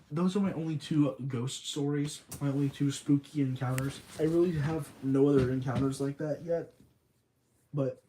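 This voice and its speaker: On his livestream, a young man with a mid-range, dark-toned voice wanders through a relaxed spooky tale. Between thoughts, this streamer reads out messages from the chat.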